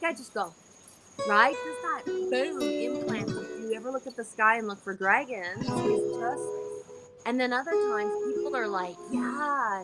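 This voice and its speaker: A woman in a casual online group chat, talking enthusiastically and rambling, with lots of likes and rights. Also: on the high side. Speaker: chat participant.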